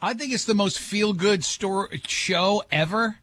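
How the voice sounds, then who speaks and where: High-voiced man hosting morning radio. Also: measured pace, fairly bright tone. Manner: rambling, joking, opinionated. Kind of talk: casual radio banter.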